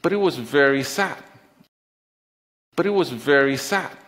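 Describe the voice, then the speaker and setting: A middle-aged man telling a personal story on stage, with an earnest, deliberate, heartfelt delivery and pauses. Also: mid-range voice, lively intonation, a bit bright. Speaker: conference speaker. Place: stage in a large auditorium. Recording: long reverb of a large auditorium.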